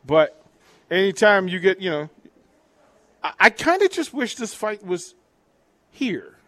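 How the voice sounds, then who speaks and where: A man's voice: high-pitched, very animated, a little slow, a bit bright, no room sound. A man hosting a casual sports talk radio show, chatting loosely, restarting his sentences and reading out listener texts.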